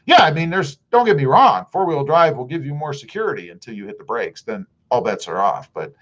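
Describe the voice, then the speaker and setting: A man's voice: fairly high pitch, very animated, brisk, highs cut off. A middle-aged man with a Southern US accent, chatting casually on a livestream and reading viewer comments aloud. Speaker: livestream host.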